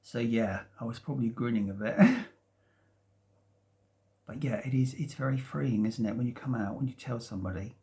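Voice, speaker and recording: A man in his fifties tells a long, meandering story from his sofa at home. His voice has a gravelly edge and sits at an ordinary pitch. He talks hesitantly, restarting phrases and breaking into soft chuckles. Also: lively intonation, normal speed. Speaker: vlogger. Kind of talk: casual rambling storytelling. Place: at home, sitting in a sunlit room.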